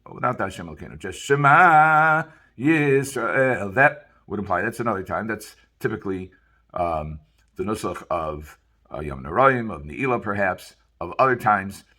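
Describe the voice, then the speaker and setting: Bright-voiced rabbi giving a Torah talk. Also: male voice, sits low, lively intonation, slightly rough. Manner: explains Hebrew verses and translates them line by line; sometimes chants a phrase in a slow, drawn-out sing-song. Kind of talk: Torah lecture.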